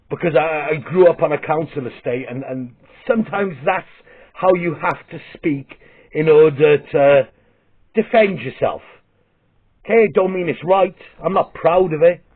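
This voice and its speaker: A Welsh man with a fairly high, breathy voice rambles through a comic story as a vlogger and comedian, blunt and sweary, restarting as he goes. The recording sounds tinny, like a phone.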